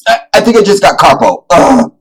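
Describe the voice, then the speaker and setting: A man hosting a casual livestream, talking in an animated, rambling, joking way. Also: high voice, brisk, husky, rough recording. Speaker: livestream host.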